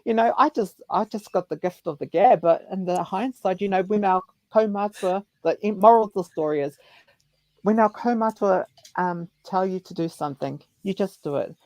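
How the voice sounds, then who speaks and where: A man with a New Zealand accent hosting a casual chat, telling stories in an animated way. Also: high voice, normal speed, dry recording, poor audio. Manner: animated storyteller who acts out elders' voices. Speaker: host.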